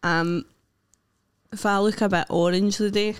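A young Scottish woman co-hosting a casual podcast chat, giggly and chatty, with quick asides. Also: medium pitch, steady tone, clean tone, no room sound. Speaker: podcast co-host.

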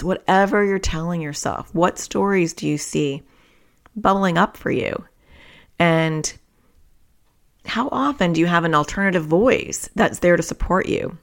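A woman's voice: on the low side, moderate pace. A middle-aged woman hosting a parenting podcast, talking candidly and reflectively while she speaks straight to her listeners. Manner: candid and self-reflective, addresses listeners directly. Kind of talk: reflective solo podcast talk.

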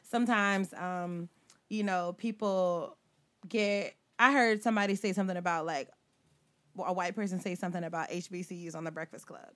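A woman in casual group discussion, talking at length in an animated, slangy way. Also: fairly low pitch, moderate pace.

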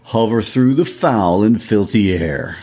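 A man reading the lines of one of the weird sisters, a witch, in slow chanted verse, in a deep voice. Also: animated, mellow, husky, exaggerated voice. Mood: chanting.

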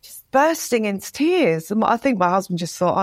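A woman's voice: a little high, normal speed, hardly any pauses, dry recording. Woman in her 50s, emotional storyteller, dry close sound. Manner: emotional, animated retelling with acted-out quotes. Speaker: guest, writer. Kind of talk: candid interview talk.

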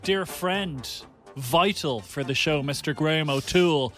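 Bright, teasing male co-host. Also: a little high, soft background music. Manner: teasing, quick jokes, laughs. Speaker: radio co-host. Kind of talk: radio chat show.

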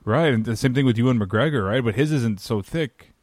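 A man hosting a podcast in casual chat, enthusiastic and quick to laugh, often repeating words as he starts sentences. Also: mid-range voice, a little mellow, no room sound. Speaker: podcast host.

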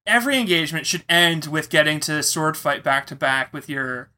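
A man recounting a personal story in a casual interview, animated and expressive as he tells it. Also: fairly high pitch, moderate pace. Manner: animated, acts out quoted voices.

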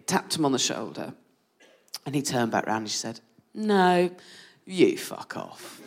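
Animated woman telling a comic story. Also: deep voice. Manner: animated, laughing through the anecdote. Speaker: podcast co-host. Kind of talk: live comedy storytelling.

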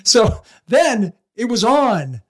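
A middle-aged man, a guest and former hockey analyst, chatting in a studio in a relaxed way and laughing often. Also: extremely high pitch, takes it slowly, husky. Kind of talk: casual studio chat. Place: podcast studio.

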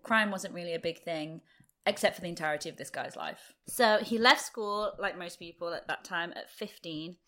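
A young woman hosting a true-crime podcast, chatting fast and laughing often. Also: on the low side, sharp tone. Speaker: podcast host.

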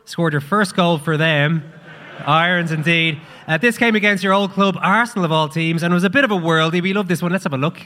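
Man, live show host, fast talker, bright tense voice, teasing. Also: a little high, slight background noise.

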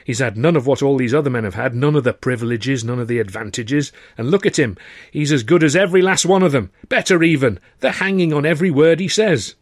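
A hearty, self-satisfied old college porter, brimming with pride for his son, as a male narrator puts him on. The voice rides noticeably higher than the reader's own. It sounds dry and close, storybook-style. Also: fast talker, dry recording, natural voice. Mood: proud. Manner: boastful, hearty, warmly proud. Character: proud jovial older male college porter, father. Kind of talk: audiobook character voice.

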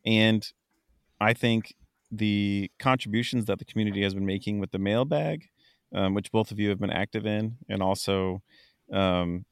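A man's voice: on the low side, gravelly, no room sound, clean studio sound. A man co-hosting a podcast, chatting casually with frequent ums and restarts. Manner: rambling, lots of ums and fillers. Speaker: podcast co-host.

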